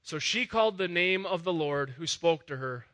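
A man preaching a conversational sermon, rising to loud emphatic peaks as he retells a story. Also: a little high, expressive, normal speed. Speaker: pastor.

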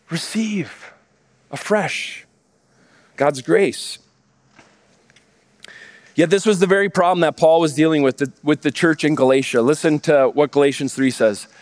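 A pastor in his thirties delivers a sermon in a fairly high voice. He keeps posing rhetorical questions and answering them himself, with plenty of energy.

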